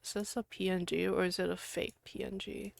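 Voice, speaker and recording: A woman streaming live, chatting casually with viewers, giggling and breaking into loud outbursts, then muttering to herself while she clicks around. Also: on the low side, little pitch movement, a little fast, creaky, no room sound.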